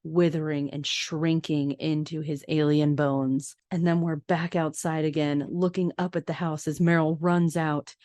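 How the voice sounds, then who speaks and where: A woman's voice: low-pitched, level tone, a little slow, few pauses, a little mellow, dry recording, clean studio sound. A woman hosting a casual podcast, narrating film scenes in detail with chatty asides. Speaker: podcast host.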